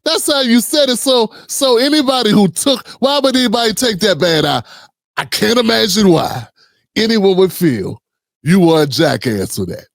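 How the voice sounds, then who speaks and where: A man's voice: high voice, lively intonation, normal speed, vocal fry, no echo, clean studio sound. A man hosting a reaction commentary show, blunt and sarcastic, talking straight to his viewers. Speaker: commentary host.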